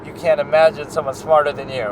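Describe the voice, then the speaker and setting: A man voicing a calm, gloating male serial-killer mastermind, reading his lines slowly and smugly. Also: a little high, background noise, natural voice. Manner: soft-spoken, slow and smug.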